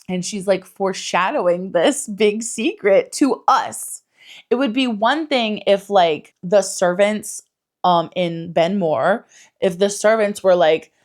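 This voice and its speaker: Chatty woman ranting about a book. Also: fairly low pitch. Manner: animated, swears, lots of "like" fillers. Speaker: book reviewer. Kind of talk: casual chatty book review.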